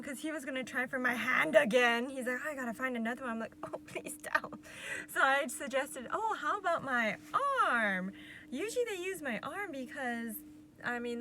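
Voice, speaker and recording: A woman vlogger telling a personal story to camera in a casual, animated way, laughing often and acting out what was said. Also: fairly high pitch, slight background noise. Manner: animated, laughing often, acts out quotes with sighs. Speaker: vlogger recounting a patient experience.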